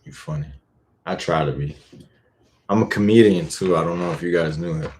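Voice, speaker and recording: A man's voice: low-pitched, a little fast, darkish tone, slight background noise. A man voice actor chatting casually on a live stream, laid-back, thinking aloud and swearing freely.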